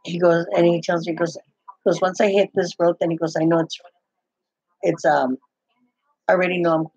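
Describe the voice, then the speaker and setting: Older woman, husky, chatty rambler, dry lo-fi recording. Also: on the low side, little pitch movement, normal speed, a little mellow, no echo. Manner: rambling, full of restarts and "I go". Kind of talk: casual chat. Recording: dull, muffled, lo-fi sound.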